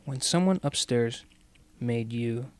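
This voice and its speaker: A man's voice: mid-range voice, slow pace, a little mellow. A young man chatting as a podcast guest, playful and joking, giggling at his own lines. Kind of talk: casual chat.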